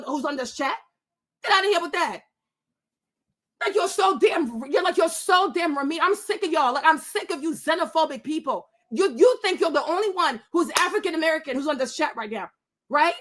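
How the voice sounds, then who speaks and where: High-pitched woman ranting indignantly. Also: a bit bright. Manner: indignant, repeats rhetorical questions, swears. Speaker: livestream host. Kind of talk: heated livestream rant. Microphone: webcam.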